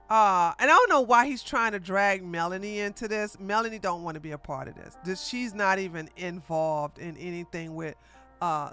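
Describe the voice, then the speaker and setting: A blunt, sassy commentator talks through online drama on a casual stream, calling people out directly. The voice is bright and a little forceful, and there is faint music underneath. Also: medium pitch. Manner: blunt, sassy trash-talk; talks straight at the people discussed.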